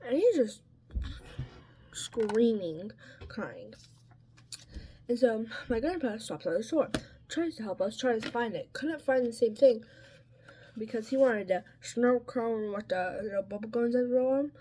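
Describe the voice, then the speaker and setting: Woman vlogger with a slightly high voice and an unhurried, filler-laden storytime delivery, and a faint hiss behind her. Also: expressive, dark tone. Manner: chatty, peppered with "like" and "um". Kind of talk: casual storytime while getting ready.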